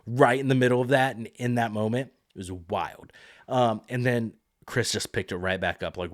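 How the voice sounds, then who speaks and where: Chatty, low-voiced man recapping a show. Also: brisk, dry recording, clean studio sound. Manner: chatty, opinionated, swears freely. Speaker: podcast host. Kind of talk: casual solo recap.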